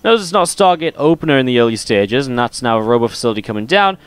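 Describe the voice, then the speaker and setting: This esports caster and stream host calls a live match and trades playful jokes with viewers between plays. His mid-range voice is clear and resonant, with lively intonation and a fast delivery.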